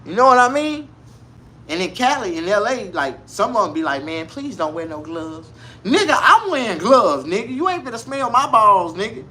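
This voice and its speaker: Loud crude man ranting to camera. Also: very high voice, normal speed, a little hiss or hum. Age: 40s. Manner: loud, crude, animated street slang. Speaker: vlogger. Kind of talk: casual comedic rant to camera.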